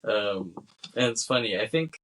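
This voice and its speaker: A man's voice: fairly low pitch, animated, measured pace, fairly bright tone, poor audio. A man co-hosting a film podcast, chatting casually and laughing often as he retells scenes. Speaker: podcast co-host. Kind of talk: casual film-discussion chat.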